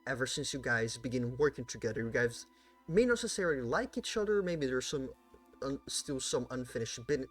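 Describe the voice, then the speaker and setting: A man running a tabletop role-playing game, narrating events in a casual, swearing way. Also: medium pitch. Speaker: game master.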